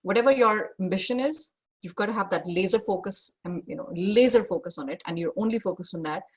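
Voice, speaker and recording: A woman's voice: medium pitch, brisk, breathy edge. A woman career coach giving an online masterclass over a video call, direct and emphatic, stressing her key points more than once.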